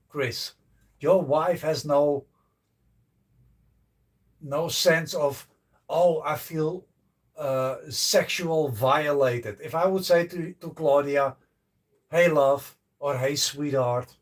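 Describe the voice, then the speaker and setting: A man from the Netherlands hosts a casual livestream outdoors beside a canal, chatting to viewers in a blunt, joking way and swearing freely. His voice is a little high and picked up by a distant mic.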